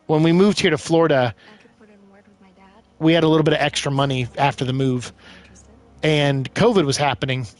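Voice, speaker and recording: A man giving casual let's-play commentary, exclaiming loudly as he plays. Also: on the high side, moderate pace, pauses often. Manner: excitable, loud bursts of exclaiming while playing. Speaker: gaming streamer.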